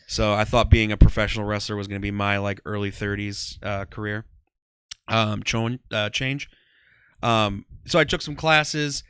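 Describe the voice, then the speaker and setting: Guy in his 30s chatting loose on a podcast, bright crisp voice, dry close mic, lots of ums. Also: lowish voice, steady tone, moderate pace, dry recording. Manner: rambling, heavy on "um" and "like". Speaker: guest, comedian and former ring announcer. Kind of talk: casual interview chat.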